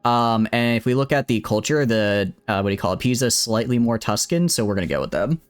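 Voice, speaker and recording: A man's voice: medium pitch, expressive, quick pace, smooth. A man streaming a strategy game live, chatting casually with his viewers, rambling and poking fun at himself as he greets people in chat by name. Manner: rambling, self-deprecating, frequent restarts and fillers.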